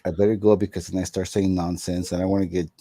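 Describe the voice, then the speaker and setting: A man's voice: deep voice, level tone, fast, mellow, no echo. A tired man rambling in a late-night stream chat, full of slang and swearing. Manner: slangy, says bro and dog, swears, rambling.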